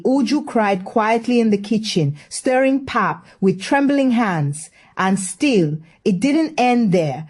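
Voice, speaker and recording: A woman's voice: medium pitch, darkish tone. A woman telling a scripted story in a wry, gossipy manner.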